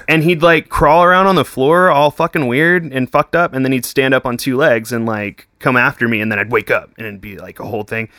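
A man's voice: mid-range voice, fairly quick, sharp tone, no echo, clean studio sound. A young man, chatting casually as a podcast guest, full of swearing, "like" and "dude". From Texas. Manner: swears constantly, says "like" and "dude" a lot. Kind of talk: casual chat.

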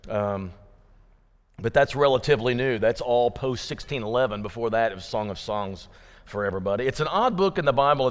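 A man preaching a sermon in a folksy, joking, conversational way to his congregation in a church. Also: medium pitch. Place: church sanctuary. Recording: long reverb of a church hall.

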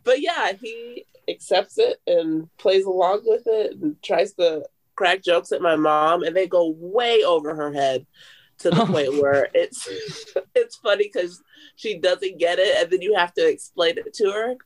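A woman's voice: fairly low pitch, a little slow. A woman telling family stories in a casual chat, with dry, sarcastic humor.

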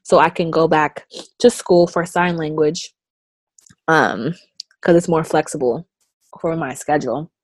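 A young woman with a somewhat low voice talks casually, bringing her stories to life by acting out other people's lines with big leaps in pitch. The sound is dry and close, with no room around her. She speaks like someone being interviewed in a relaxed conversation. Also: unhurried, pauses often, no room sound. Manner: animated storyteller who acts out quotes with big pitch jumps.

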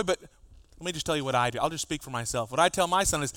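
A man, a pastor, preaching a sermon, animated and acting out exchanges with his children. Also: fairly high pitch, very fast, no room sound, clean studio sound. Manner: animated, acts out dialogue with his kids.

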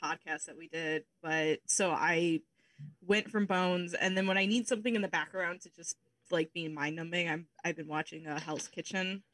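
A woman with a lowish voice rambles casually on a podcast, swearing freely. The sound is dry and close. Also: steady tone, moderate pace, a bit bright, no echo. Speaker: podcast co-host.

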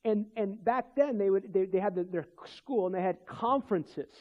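A man's voice: sits high, normal speed, phone-quality sound. A man, a Christian minister, telling a personal faith testimony in conversation, rambling with restarts and chuckles.

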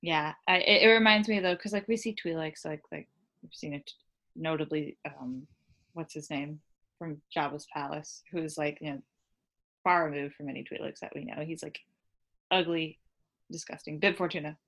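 A woman co-hosting a casual chat about a show, talking in a chatty, animated way and acting out lines of dialogue. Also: deep voice, normal speed. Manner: chatty, animated, lots of "like" and quoted voices. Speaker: podcast co-host.

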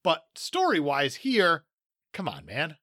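Opinionated podcast guy, bright punchy voice, dry close sound. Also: on the high side, huge pitch swings, slow, no room sound. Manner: opinionated, emphatic, laughs often. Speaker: podcast co-host. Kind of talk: casual movie chat.

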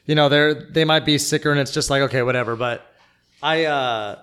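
Fast-rambling young man venting. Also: on the high side, fairly bright tone, clean tone. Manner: rambling, venting with lots of fillers. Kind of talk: casual chat.

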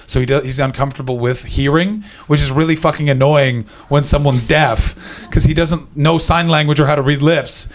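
A man's voice: on the high side, fairly even intonation. A man doing stand-up comedy as host, bantering with the crowd and telling profane stories. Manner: loud, profane, rapid banter. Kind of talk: stand-up crowd work and storytelling. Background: audience laughter.

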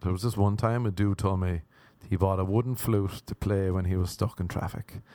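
A rambling young comedian with a fairly low voice talks through his bit, mocking people and jumping into daft voices. The sound is close and dry, with no room around it. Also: fairly even intonation, normal speed, dark tone, no echo. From Ireland. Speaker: stand-up comedian. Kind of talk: comedic monologue.

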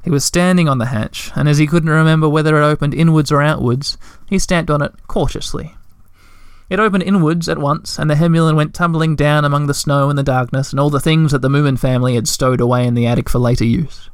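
A man reading a children's story aloud, with relaxed, chatty asides in between. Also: a little high, fast, smooth, no room sound, clean studio sound. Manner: relaxed, chatty, self-deprecating.

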